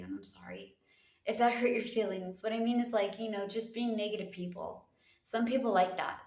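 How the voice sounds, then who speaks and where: A woman giving a casual tarot reading in a sassy, slangy way, calling her listeners honey. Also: medium pitch. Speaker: tarot reader. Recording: echoey room.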